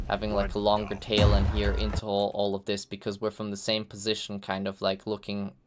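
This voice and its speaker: A man's voice: on the low side, creaky, background noise. A man hosting a live stream, giving loose, chatty feedback full of "like" fillers and the odd swear. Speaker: host reviewing game audio reels.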